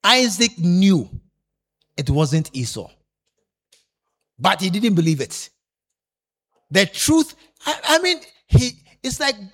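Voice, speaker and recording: A man's voice: sits high, takes it slowly, pauses often. A man preaching a sermon, telling the congregation to turn to their neighbors and often repeating himself. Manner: animated, repeats himself, tells listeners to tap their neighbor.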